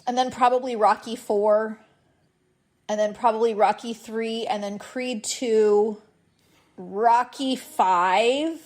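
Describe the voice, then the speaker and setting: A woman in her thirties telling stories in a casual podcast chat, animated and laughing often. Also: a little high, slow. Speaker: podcast guest.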